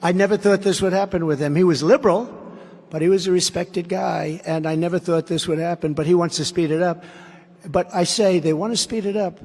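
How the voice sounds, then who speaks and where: A man's voice: sits high, a little fast, a little mellow. A man giving a campaign rally speech as a political candidate, emphatic and repetitive, with rambling asides. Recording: long hall reverb.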